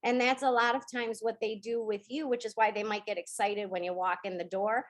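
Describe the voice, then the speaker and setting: A woman with a fairly high voice guides listeners through a spiritual practice on a video call. She speaks gently and slows down to stress key words. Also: fairly even intonation. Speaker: spiritual teacher hosting a member call. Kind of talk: spoken teaching on a video call.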